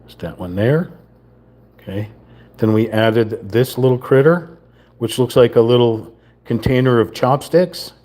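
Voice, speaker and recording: Handling the small parts of a wooden model kit, a man mutters the steps to himself in casual commentary for his live stream. He speaks at a measured pace with a mellow, medium-pitched voice.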